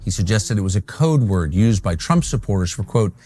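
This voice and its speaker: A man reading scripted documentary narration in a measured way, with dramatic delivery of quotes. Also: on the low side, animated, dark tone, soft background music.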